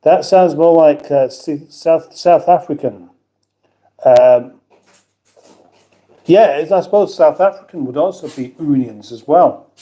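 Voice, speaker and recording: Hosting a laid-back livestream, this middle-aged British man speaks in a slightly high, dark voice, unhurried and full of long pauses. His chat wanders, he mocks himself, and he reads viewer comments aloud.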